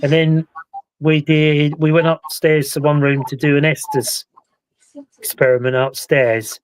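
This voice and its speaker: A British man hosting a casual live-stream chat about a paranormal investigation, talking in a relaxed, rambling way. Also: fairly high pitch, unhurried, clear, resonant tone, low-quality recording. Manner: relaxed, chatty, recounts events at length. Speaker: paranormal investigator and show host.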